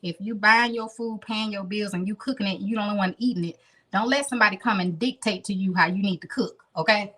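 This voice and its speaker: A woman's voice: medium pitch, quick pace, sharp tone. A woman in her thirties hosting a casual live cooking stream from her home kitchen, chatting straight to her viewers. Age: 30s. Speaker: home cooking show host.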